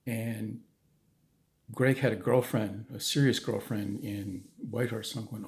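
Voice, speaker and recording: A man's voice: fairly low pitch, steady tone, a little slow, vocal fry, a little mellow. A man telling a true story in a casual, conversational way, with restarts and asides.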